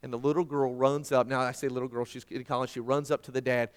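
A middle-aged man preaching a sermon, telling a personal story and swinging from hushed tones to loud emphasis. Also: medium pitch, flat delivery, fast talker, clean tone. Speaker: pastor.

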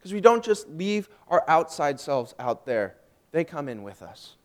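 A young man giving a personal faith testimony, emotional and swinging from hushed, drawn-out phrases to loud, emphatic ones. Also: a little high, big pitch swings. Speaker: student speaker giving testimony.

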